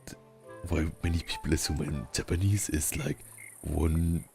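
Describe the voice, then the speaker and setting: A very deep, rumbly male voice with a Southern German accent and a rolled R. He speaks slowly, leaving long pauses as he chats casually to his stream. Soft music plays faintly behind him. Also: fairly even intonation, creaky. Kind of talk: casual chat while gaming.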